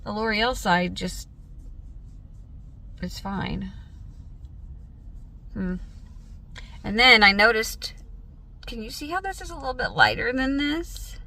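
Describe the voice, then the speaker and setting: Woman rambling through a family story, bright gravelly voice, laughs a lot. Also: mid-range voice. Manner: chatty storytelling, laughs often, acts out quotes. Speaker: vlogger. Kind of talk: casual vlog chat.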